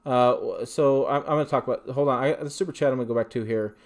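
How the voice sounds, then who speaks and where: Speaking fast at a medium pitch, a livestream host casually works through questions from viewers, reading each one and answering in a rambling, chatty manner with lots of fillers and restarts.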